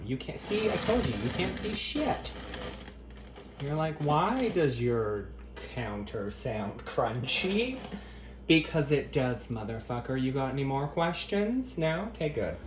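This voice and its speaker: A man's voice: a little high, noisy background. Profane man tasting food in an echoey kitchen. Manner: crude, profane, joking straight to camera; tasting food between lines with appreciative murmurs. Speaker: cooking vlogger. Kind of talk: casual kitchen vlog. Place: home kitchen.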